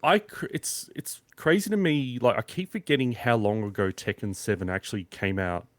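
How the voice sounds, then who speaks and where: A man's voice: mid-range voice, moderate pace, dry recording. A man co-hosting a casual gaming podcast, talking enthusiastically and rambling with frequent restarts. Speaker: podcast co-host.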